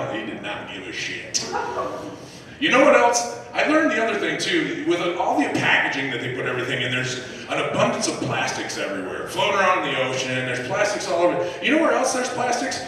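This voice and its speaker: A man performing a profane, animated stand-up set on a live comedy club stage, acting out voices and shouting punchlines. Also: medium pitch, fairly quick. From United States. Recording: echoey club room recorded from a distance. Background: audience laughter.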